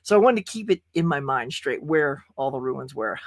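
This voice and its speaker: Male stream host, loose rambling chatter, mid-pitched voice, dry close sound. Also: lively intonation, normal speed, few pauses, no room sound. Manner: rambling, chatty, reads viewer messages aloud. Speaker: livestream show host. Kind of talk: casual livestream chat. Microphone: webcam stream setup.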